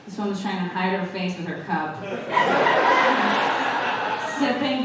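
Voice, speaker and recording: A stand-up comedian with a New York accent and a slightly high voice, speaking at a moderate pace, does brash, profane crowd work on a club stage. The live club audio is echoey and distant, with audience noise behind her.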